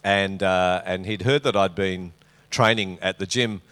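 Joking middle-aged Australian pastor. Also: male voice, low-pitched, steady tone, measured pace, a bit bright, clear, resonant tone. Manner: joking, teasing banter with the congregation. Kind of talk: sermon. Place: church auditorium.

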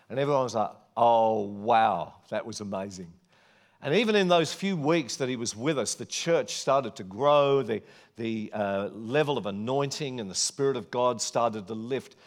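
Aussie guy preaching, earnest chatty storytelling sermon, middle pitch. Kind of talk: sermon, personal testimony.

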